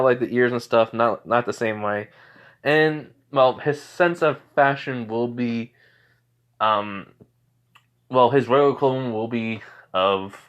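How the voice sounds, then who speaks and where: A man's voice: medium pitch, a bit bright. Young guy rambling to his viewers, lots of um and you know, keeps correcting himself. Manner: rambling, hesitant, with fillers and self-corrections. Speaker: channel host. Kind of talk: casual vlog intro.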